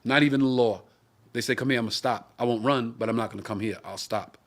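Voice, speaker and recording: A middle-aged comedian and talk show co-host tells a drawn-out, profanity-laced story on a live stream, voicing each person in it. He speaks fast, in a medium-pitched male voice.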